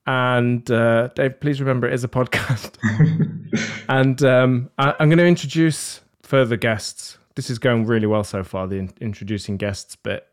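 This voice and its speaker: A man with a medium-pitched, unhurried voice hosts a podcast panel in London. The chat is casual, full of jokes and self-deprecating rambling.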